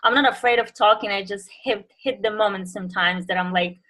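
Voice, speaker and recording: A woman's voice: mid-range voice, fairly quick, sharp tone, rough recording. A woman on a team call who asks a question hesitantly, searching for her words. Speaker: team member asking a question. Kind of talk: casual team call chat.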